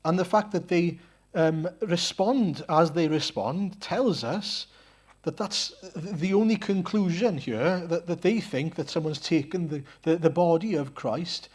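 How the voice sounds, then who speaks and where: Male preacher, sermon, slightly high-pitched voice, earnest, rhetorical questions, halting with repeated words. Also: a little mellow. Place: church.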